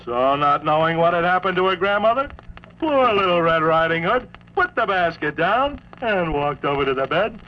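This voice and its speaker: A man narrating a comic storybook record in a wry, deadpan way with joking asides. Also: high voice, moderate pace. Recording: dull lo-fi vintage record with faint hiss.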